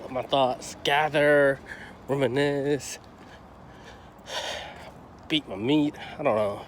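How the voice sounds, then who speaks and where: A man's voice: mid-range voice, takes it slowly, a little hiss or hum. A man giving a casual, profane and heated movie review, rambling and swearing as he goes.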